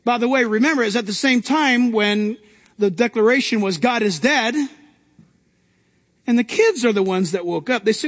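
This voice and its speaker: A man's voice: extremely high pitch, lively intonation, moderate pace, fairly bright tone, in a large hall. A male pastor preaching a sermon to a congregation, with emphatic rising outbursts.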